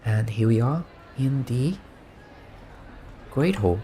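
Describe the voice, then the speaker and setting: Slow, soft-spoken man narrating gameplay. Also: mid-range voice, slight background noise. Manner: relaxed, musing, amused. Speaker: gaming streamer.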